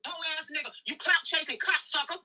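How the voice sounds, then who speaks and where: A woman ranting fast and cursing on a stream, replayed from a distance. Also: high-pitched, sharp tone. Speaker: streamer in a played clip. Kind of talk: heated live-stream rant.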